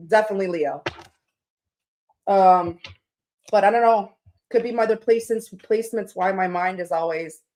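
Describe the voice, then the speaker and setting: A woman's voice: mid-range voice, slight background noise. A woman hosting a tarot livestream, chatting casually with viewers in a rambling, candid way, swearing now and then.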